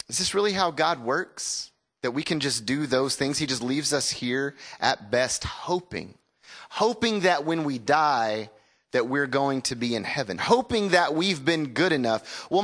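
A man's voice: on the high side, expressive, unhurried, a bit bright. A man, preaching a sermon in a conversational storytelling way and calling on the congregation to repeat words back. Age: 40s. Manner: conversational storytelling with call-and-response. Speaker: pastor.

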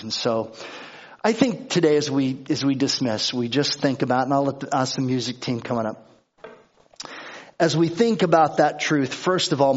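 A pastor giving a sermon, telling everyday stories in an animated way and acting out his own frustration. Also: mid-range voice, muffled recording.

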